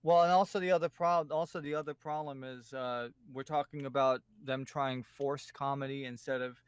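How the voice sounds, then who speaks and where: A man's voice: mid-range voice, steady tone, normal speed, smooth, dry recording. A man from New York with a New York accent, co-hosting a podcast in casual chat, blunt and profane. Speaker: podcast co-host.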